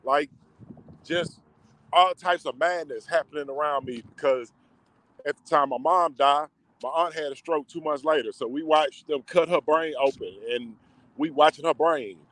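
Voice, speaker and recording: A man's voice: a little high, moderate pace, a bit bright. A man in casual, emotional storytelling, talking in slang with many fillers. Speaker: vlogger. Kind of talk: casual personal storytelling to camera.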